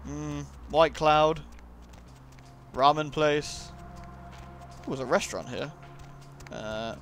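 A man's voice: on the high side, slow pace, a bit bright, slight background noise. Cheeky man narrating gameplay. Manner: chatty, cheeky, self-mocking asides. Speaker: let's play commentator. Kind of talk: casual gameplay commentary.

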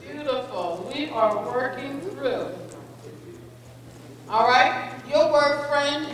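A woman serving as a spelling bee pronouncer, reading each word with its definition and a sample sentence in a slow, deliberate, encouraging way. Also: high voice, a bit bright. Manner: slow, deliberate, encouraging, calls contestants "friend". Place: school auditorium. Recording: echoey hall, voice from a distance.

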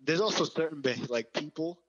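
A young man rambles through a relaxed podcast chat and fills his sentences with "like". His recording sounds slightly muffled. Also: a little high, fairly quick. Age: young adult. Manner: rambling, lots of filler "like". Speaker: podcast co-host, host's son. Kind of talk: casual chat.

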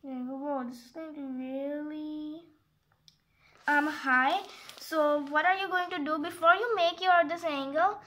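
A woman's voice: high voice, steady tone, measured pace, a bit bright. A woman explaining a geometry exercise step by step in a casual, rambling way, often stopping to correct herself and apologize. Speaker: math tutorial maker.

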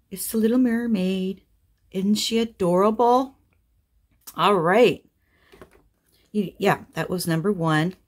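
A woman crafting vlogger chatting casually through an unboxing, gushing with excited exclamations. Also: medium pitch.

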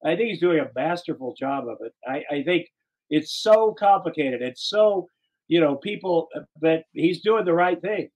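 A talk show host, a man with a slightly high voice, chats casually about politics. He rambles earnestly and restarts his sentences often. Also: lively intonation, normal speed, a little mellow, rough recording.

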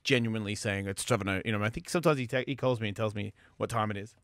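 A man's voice: lowish voice, rapid-fire, fairly bright tone, no echo, clean studio sound. A man hosting a radio show, talking in crude, rambling banter with lots of stammering restarts. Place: radio studio. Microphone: studio microphone.

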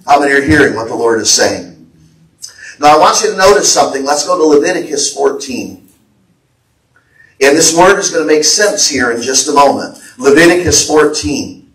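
A man's voice: a little high, lively intonation, moderate pace, a bit bright. A man with an American accent preaching a fervent sermon and relaying prophetic words as the pastor. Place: church sanctuary. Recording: echoey church hall, voice from a distance.

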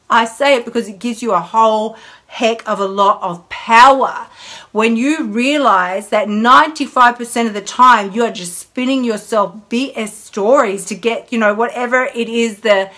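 A woman's voice: on the high side, moderate pace, sharp tone. A woman hosting a casual live stream, talking candidly and emphatically about her own eating habits. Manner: candid, chatty, emphatic, with acted inner dialogue. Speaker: host.

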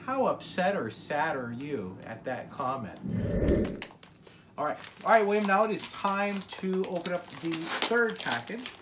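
A woman's voice: on the low side, lively intonation, a little slow, very noisy. An American woman hosting a casual family unboxing vlog at home, upbeat and exclaiming as she coaxes a child along. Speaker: family vlogger.

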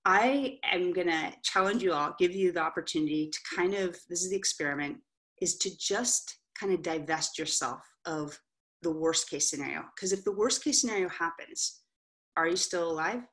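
A middle-aged woman giving a candid motivational talk to an audience as an author and coach, telling stories in an animated way and checking in with the room with frequent asides. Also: fairly low pitch, normal speed. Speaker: author and coach, guest speaker.

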